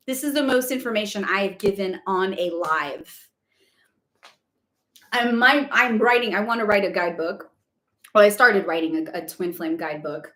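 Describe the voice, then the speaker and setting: A woman's voice: medium pitch, fairly bright tone, echoey room. A woman spiritual coach answering questions on a live stream, chatty and emphatic, often checking in with "okay?" and speaking bluntly. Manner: candid and blunt, with casual swearing.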